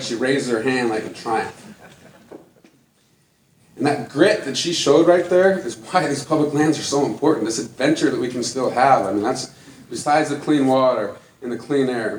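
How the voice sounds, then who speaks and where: A man's voice: mid-range voice, a little mellow, a little hiss or hum. A middle-aged man giving an earnest, folksy story-driven talk to an audience as a conservation speaker. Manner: earnest, folksy, laughs between points. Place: large room before an audience. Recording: echoey hall, mic from far off.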